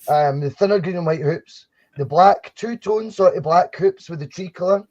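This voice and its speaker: A man's voice: high-pitched, normal speed, a little mellow. A man co-hosting a live podcast, chatting casually about football kits and restarting his sentences often. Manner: chatty, rambling, frequent restarts. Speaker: podcast co-host. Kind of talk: casual live-stream chat. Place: home studio for a live stream. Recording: dull lo-fi sound.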